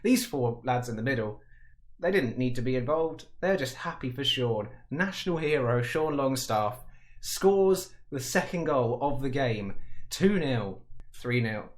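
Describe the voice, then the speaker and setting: Calling a football video game at a measured pace, this man jokes around in a chatty way with a mid-range voice. When goals go in, he builds to excited shouts and his voice cracks.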